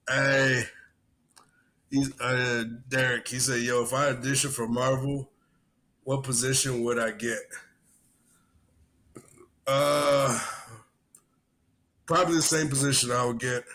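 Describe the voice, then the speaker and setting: A man co-hosting a casual podcast, talking in a profane, rambling, animated way and telling stories. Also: mid-range voice, takes it slowly, long pauses. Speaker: podcast co-host. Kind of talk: casual chat.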